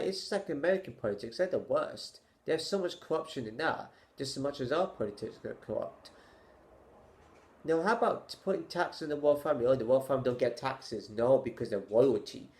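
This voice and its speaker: A man's voice: on the high side, animated, darkish tone. Guy ranting on his vlog, stumbles over his words a lot, sighs, keeps asking what's the point. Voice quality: stammering, halting delivery. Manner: exasperated, sighing, rhetorical questions. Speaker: vlogger. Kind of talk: opinion rant to camera.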